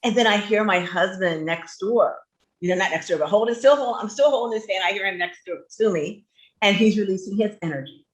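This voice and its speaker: A woman hosting a radio talk show, telling a personal story in an animated, candid way. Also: mid-range voice, brisk.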